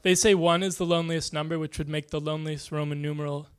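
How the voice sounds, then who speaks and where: A man doing stand-up comedy, delivering deadpan one-liners in a dry, soft-spoken way. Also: a little high, quick pace, slight background noise.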